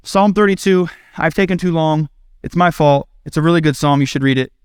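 A man's voice: fairly high pitch, brisk, smooth, no echo, clean studio sound. A middle-aged male pastor from the American Midwest, preaching in a conversational, self-deprecating way and acting out quoted lines. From Indiana, United States. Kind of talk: sermon.

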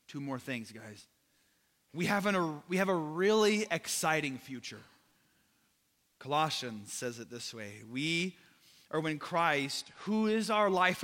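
A man delivers an energetic, conversational sermon. His voice is bright and sits a little high. It carries with a long reverb through a large hall. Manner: energetic, conversational preaching with casual slang. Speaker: pastor.

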